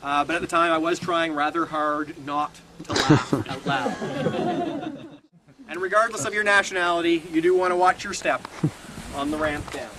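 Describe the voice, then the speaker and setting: A man tells ghost stories to a tour group with a slightly high voice. He is wry and chatty and often chuckles between lines. Steady outdoor noise runs behind him. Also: moderate pace. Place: outdoors at a historic fort.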